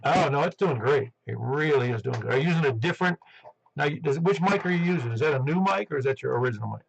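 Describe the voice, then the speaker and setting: A man's voice: a little high, lively intonation, fast, creaky, slightly rough, highs cut off. A man hosting a ham radio net on a headset, chatting casually and rambling with lots of restarts. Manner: rambling, chatty, self-interrupting.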